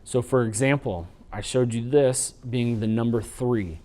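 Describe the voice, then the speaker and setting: A man teaching a sign language training unit in an instructional lecture, explaining patiently and slowing down to demonstrate. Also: medium pitch, a little mellow. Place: training video recording.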